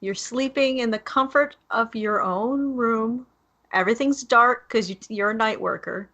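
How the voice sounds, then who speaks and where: A woman with a bright, fairly high voice, chatting casually as a podcast co-host. She tells her story with lively buildup and keeps checking that her listeners are with her. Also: a little slow.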